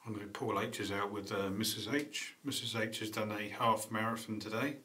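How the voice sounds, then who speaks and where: A man's voice: lowish voice, fairly even intonation, moderate pace, sharp tone. A man chatting casually on a live stream, rambling and greeting viewers between tasks. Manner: rambling, chatty, frequent ums and uhs. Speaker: vlogger hosting a live stream.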